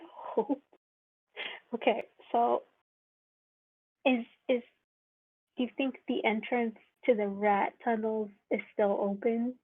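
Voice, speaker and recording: A woman playing in a tabletop game, talking haltingly with many restarts. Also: on the high side, little pitch movement, husky. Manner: halting, restarts, laughs easily. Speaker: player. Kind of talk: casual tabletop play. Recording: tinny phone-like line.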